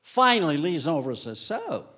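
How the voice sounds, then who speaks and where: A male comedian telling animated stand-up stories on stage, acting out the people in them. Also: on the high side. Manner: animated storytelling, acts out characters in quick asides. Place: comedy stage before a live audience. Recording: live club recording with audience noise.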